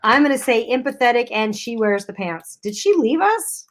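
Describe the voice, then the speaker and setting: A woman's voice: a little high, lively intonation, normal speed, a little hiss or hum. A woman co-hosting a giveaway livestream, chatting casually and laughing often. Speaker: co-host.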